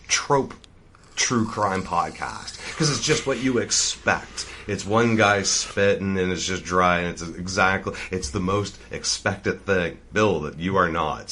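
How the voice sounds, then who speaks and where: A man from Eastern Canada talking as a podcast guest, animated and giggly, swearing freely. His voice sits on the low side. A faint hiss runs under the recording. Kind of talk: casual chat.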